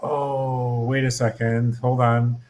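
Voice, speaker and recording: A man's voice: mid-range voice, little pitch movement, takes it slowly, darkish tone. Man, podcast host, casual chat, eager, curious, restarts sentences.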